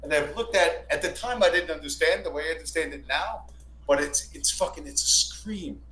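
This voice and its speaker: A man's voice: fairly high pitch, brisk, sharp tone. A man telling a long, rambling, profane story on a stream, repeating and restarting himself often. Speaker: stream guest. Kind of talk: casual storytelling. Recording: echoey room with faint hum.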